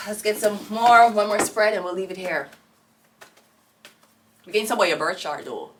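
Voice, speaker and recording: A woman's voice: medium pitch, normal speed, recorded from a distance, noisy background. A Jamaican woman giving a casual tarot reading, rambling and blunt, with profane outbursts. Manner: rambling, blunt and profane, with sudden loud rants. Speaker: tarot reader.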